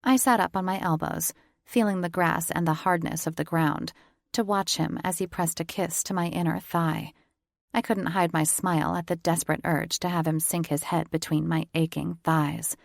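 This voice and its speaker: A woman reads a first-person romance audiobook with an intimate, teasing delivery. Her voice sits a little low, with a gravelly fry at the edges. The recording is close and dry. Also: steady tone, normal speed, no room sound. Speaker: audiobook narrator.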